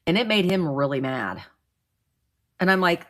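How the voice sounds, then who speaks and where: A woman's voice: low-pitched, moderate pace, creaky, fairly bright tone. Chatty woman, livestream host, loose rambling talk with viewers. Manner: chatty, greets viewers by name, rambling with restarts. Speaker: vintage seller livestream host. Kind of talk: casual livestream chat.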